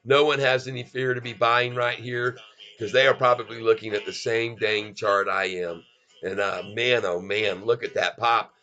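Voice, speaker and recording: A middle-aged man hosts a stock market livestream, his mid-range voice holding a steady yet sharp tone at a moderate pace, though the audio sounds dull. He calls out chart moves in exclamations, giving excited live commentary and talking straight to his viewers as folks.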